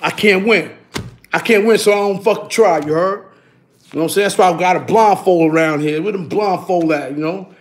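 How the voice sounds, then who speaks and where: This man in his 50s streams on YouTube, swapping casual stories with lots of energy and tacking on "you heard?" again and again. He talks fairly quickly in a high voice.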